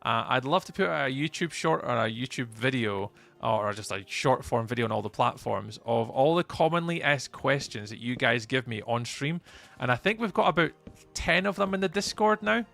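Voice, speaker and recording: A man's voice: medium pitch, animated, moderate pace, vocal fry, a bit bright. A young Scottish man casually chatting through a live game stream, rambling and greeting his chat by name. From Scotland. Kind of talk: live gameplay commentary.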